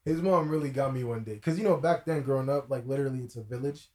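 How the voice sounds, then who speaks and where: A man co-hosting a podcast, telling a childhood story in a relaxed, chuckling way. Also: mid-range voice, fast talker, heavy background noise. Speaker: podcast co-host. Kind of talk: casual storytelling. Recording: roomy echo.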